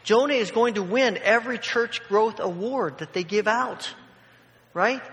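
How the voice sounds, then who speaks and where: A man's voice: sits high, measured pace, a bit bright, long reverb tail. A man preaching a sermon in a conversational way, with humorous asides.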